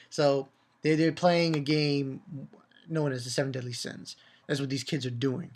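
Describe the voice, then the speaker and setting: A man talks through a manga chapter in a loose, rambling way. His voice sits at a middling pitch. He chuckles along and pops up into higher voices when he quotes characters. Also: fairly even intonation, normal speed. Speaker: manga reviewer. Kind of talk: casual chapter review.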